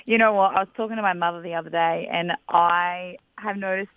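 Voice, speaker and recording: A woman's voice: lowish voice, fairly even intonation, fairly quick, no room sound. Brief: young Australian woman, chatty guest down a tinny phone line, dry sound. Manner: chatty, laughs often. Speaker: guest singer. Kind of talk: casual phone interview.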